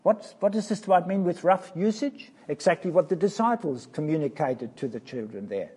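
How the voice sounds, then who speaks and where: A man preaching a sermon to children, slow and emphatic, asking questions of his listeners. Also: fairly high pitch, expressive, dark tone, slightly rough.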